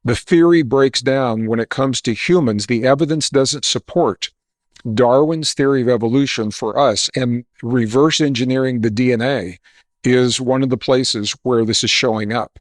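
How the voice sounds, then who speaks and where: A male guest author in an interview speaks with confident, explanatory energy, moving between storytelling and lecturing. His middle-pitched voice comes at normal speed in a dry recording with no room sound.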